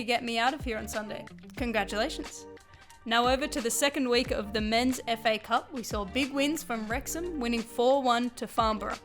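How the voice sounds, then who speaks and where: A woman's voice: a little high, fairly bright tone. A young woman with an Australian accent presenting a sports news roundup in an upbeat, scripted way. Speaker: segment presenter.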